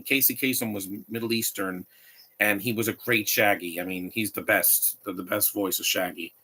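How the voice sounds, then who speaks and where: A man giving a live watch-along commentary, his voice low-pitched but bright and forceful. He talks in an opinionated, rambling way and keeps restarting his sentences mid-thought. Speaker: movie commentator.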